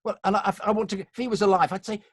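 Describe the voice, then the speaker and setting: A man's voice: sits high, fairly even intonation, rapid-fire, dry recording, studio quality. A middle-aged British man, a voiceover artist, telling chatty, self-mocking anecdotes and acting out the lines he quotes. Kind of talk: conversational anecdotes.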